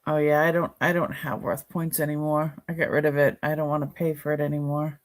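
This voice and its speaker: A woman's voice: low voice, flat delivery, a little fast. A woman with a Boston accent chatting casually on a live stream, musing aloud as she examines jewelry for sale. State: sore neck.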